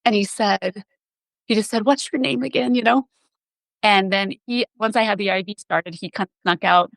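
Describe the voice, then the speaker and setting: A woman's voice: mid-range voice, vocal fry, fairly bright tone, no echo, poor audio. A woman physician assistant, a podcast guest, telling a personal story in an earnest, emotional way.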